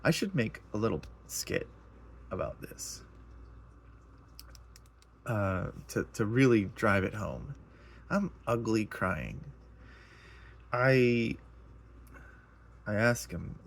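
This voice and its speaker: A man's voice: lowish voice, lively intonation, slow pace, gravelly, pauses often, a little hiss or hum. A man casually sharing a personal testimony, earnest and emotional, rambling and repeating himself as he tells it.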